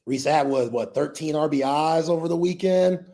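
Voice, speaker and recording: A man co-hosting a live sports talk show with a fairly high voice for a man. He talks in loose slang and laughs often, joking his way through the chat. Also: moderate pace, dark tone.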